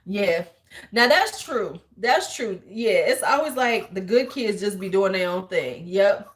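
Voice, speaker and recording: A woman in her forties, host of a beauty livestream, telling a story in animated, slangy casual chat and laughing often. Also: medium pitch, measured pace. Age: 40s.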